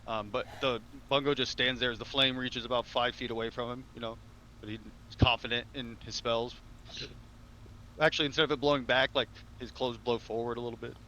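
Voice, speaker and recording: Male game master, mid-pitched, casual and rambling, faint noise behind. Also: steady tone, fairly quick, pushed and bright, muffled recording. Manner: loose and conversational, with many fillers. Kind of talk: narrating a tabletop game. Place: home room, online stream.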